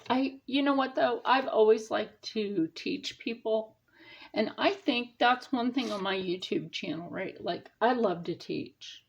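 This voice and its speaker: A woman's voice: fairly high pitch, measured pace, dull audio. A middle-aged woman hosting a casual sewing tutorial, chatting and explaining each step as she sews. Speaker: sewing channel host.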